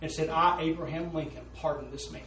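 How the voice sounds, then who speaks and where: A man's voice: fairly high pitch, fairly even intonation, brisk, a bit bright, slight background noise. A man preaching a sermon, telling a story in an earnest, folksy way. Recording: roomy echo, voice from a distance.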